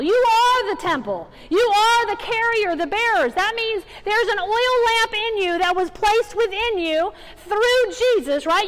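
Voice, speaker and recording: Very high-voiced woman preaching in a hall. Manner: animated, rising to emphatic exhortation. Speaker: guest preacher. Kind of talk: sermon. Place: church sanctuary. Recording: reverberant hall.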